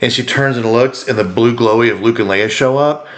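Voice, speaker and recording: Rambling animated male podcast co-host. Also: mid-range voice, brisk. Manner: rambling, animated, acts out quotes. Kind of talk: casual chat.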